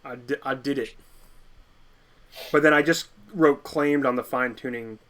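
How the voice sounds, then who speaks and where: A man's voice: mid-range voice, steady tone, moderate pace, a bit bright. A man as a tabletop game player, chatting casually and matter-of-factly.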